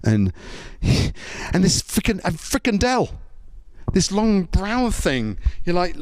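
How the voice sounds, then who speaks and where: A man's voice: high voice, slow, no room sound, clean studio sound. A man from Britain with a British accent, doing a jokey stand-up routine as a comedian and MC, acting out little voices. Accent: British English. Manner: animated, jokey, acts out voices.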